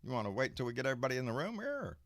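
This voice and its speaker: With a crowd audible in the background, this medium-pitched man races through his words, his pitch swinging wildly. He's a livestream host from Texas bringing in guests and delivering an angry, profane, emphatic political rant alongside casual chat.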